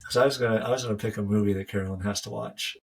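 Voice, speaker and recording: A man's voice: fairly low pitch, fairly even intonation, racing, vocal fry, slightly rough, rough recording. A man co-hosting a casual podcast with friends, easygoing and upbeat, steering the conversation along. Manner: easygoing, upbeat, runs the segments. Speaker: podcast co-host. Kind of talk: casual chat among friends.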